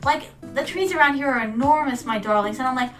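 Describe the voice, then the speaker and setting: A woman VTuber with a high, slightly bright voice talks fast while gaming, swapping stories and calling her viewers "my darlings." She sounds far from the mic, with soft music playing behind her.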